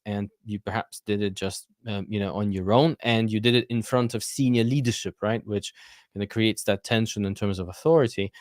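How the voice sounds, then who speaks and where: Low-voiced man coaching, halting and thoughtful. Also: fairly even intonation, no room sound, studio quality. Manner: measured, thinking aloud with many fillers. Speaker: interview coach. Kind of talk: live Q&A coaching session.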